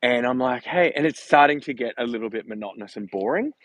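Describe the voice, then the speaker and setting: A man's voice: mid-range voice, expressive, fast talker, a bit bright, no room sound, rough recording. Chatty man vlogging on a walk. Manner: chatty, rambling, laughs while telling stories. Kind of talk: casual walking vlog livestream. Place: outdoors, walking on a street.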